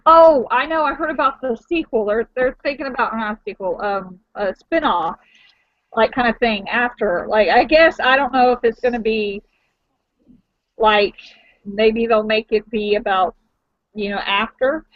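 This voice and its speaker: A woman's voice: a little high, moderate pace, dry recording, dull audio. A woman co-hosting a casual chat, giggly and hesitant, often trailing off.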